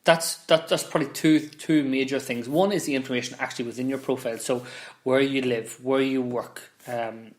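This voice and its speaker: A man's voice: mid-range voice, steady tone, normal speed. Chatty man explaining in an echoey room. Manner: conversational, frequent restarts and repeated words. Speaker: business founder explaining marketing. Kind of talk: casual explainer to camera.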